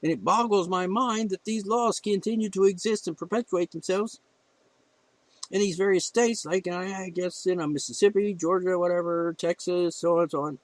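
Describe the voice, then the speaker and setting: Male podcast host, blunt and profane solo rant, emotional, higher-pitched voice, dry close sound. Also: moderate pace, no echo, poor audio. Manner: blunt, heated ranting with profanity. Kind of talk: opinion monologue.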